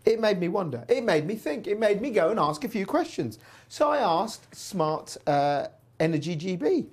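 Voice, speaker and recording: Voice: mid-range voice, sing-song, moderate pace, darkish tone, slightly rough. A presenter telling a personal story in a chatty, wry way while hosting a news show. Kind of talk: casual news commentary.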